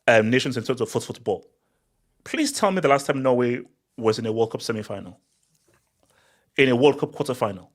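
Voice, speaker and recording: A man leads a casual football talk show in an animated, teasing way, repeating words as he jumps in on his co-hosts. His voice sits at an ordinary middle pitch.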